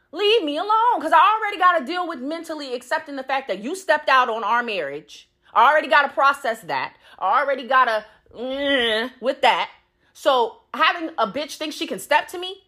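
A woman's voice: a little high, lively intonation, normal speed, pushed and bright. A young woman hosting a podcast, telling a story about cheating in a blunt, heated and profane rant. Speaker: podcast host.

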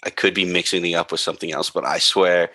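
A man's voice: low-pitched, fairly even intonation, fast talker, pushed and bright, husky, no room sound. A man co-hosting a podcast, talking loosely and swearing casually in casual chat. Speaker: podcast co-host.

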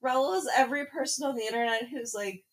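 A woman co-hosts a podcast and reacts to an audiobook in a casual, joking way. She talks quickly and with lots of energy. She often swears and lets her sentences tumble out. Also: fairly high pitch. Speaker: podcast co-host.

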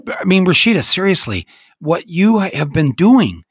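A man's voice: high voice, big pitch swings, normal speed, breathy edge, dry recording, studio quality. A man in his sixties hosting a casual interview, enthusiastic and reflective, often restarting his sentences. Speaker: host.

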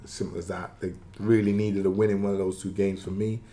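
A man's voice: low voice, little pitch movement, fairly quick, mellow. A man who is a former footballer, talking football in a matey, emphatic way. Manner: matey, emphatic, laughs easily. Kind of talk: casual football punditry.

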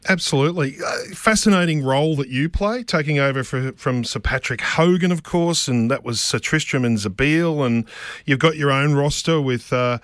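Smooth-voiced radio host man. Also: a little high, moderate pace, a bit bright, no echo, clean studio sound. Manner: curious, conversational questions with fillers. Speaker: radio racing show host. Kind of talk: radio interview.

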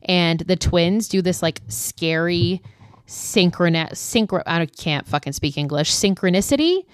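A woman's voice: on the low side, lively intonation, a little slow, clean tone, dry recording, studio quality. A young woman hosting a podcast, recapping a film in a loose, chatty way with lots of filler words and casual swearing. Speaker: podcast host.

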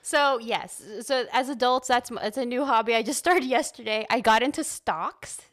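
A woman's voice: fairly high pitch, normal speed. A woman co-hosting a podcast, rambling and giggling, swearing casually. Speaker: podcast co-host. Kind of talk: casual chat.

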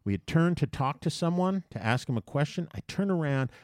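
A man's voice: on the high side, lively intonation, fairly quick, dry recording, clean studio sound. Man ranting through a profane anecdote. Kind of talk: casual chat, storytelling.

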